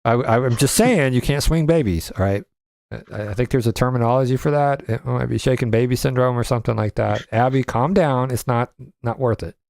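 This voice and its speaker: A man's voice: medium pitch, brisk, creaky, a little mellow, no echo. Sarcastic man hosting, dry sound. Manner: sarcastic and joking. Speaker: podcast host. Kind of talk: casual commentary.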